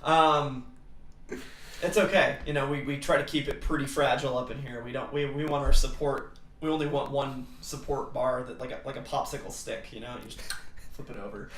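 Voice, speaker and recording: A man's voice: mid-range voice, steady tone, a little fast, fairly bright tone, echoey room, slight background noise. A man co-hosting a casual stream, joking and playful as he chats about games and tech trouble. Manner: joking, playful, drifts into impressions. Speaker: podcast co-host.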